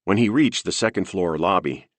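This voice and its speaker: A man narrating a thriller audiobook in a steady, measured reading. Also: low voice, no echo.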